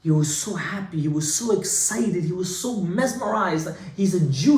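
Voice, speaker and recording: A man giving an informal Torah class as a rabbi, animated and conversational, with Hebrew terms mixed in. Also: high voice, moderate pace, few pauses. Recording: echoey room with faint noise.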